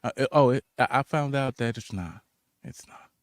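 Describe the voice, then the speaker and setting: An American man who is a guest on a casual podcast, telling a travel story in a lively way and acting out the voices of the people in it. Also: mid-range voice, normal speed, no room sound. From United States. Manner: animated storyteller, acts out voices in quotes.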